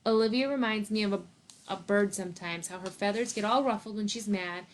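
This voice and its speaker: A woman school principal reads a novel aloud. Her storytelling is steady and even, in a mid-pitched voice. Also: a little fast, slight background noise.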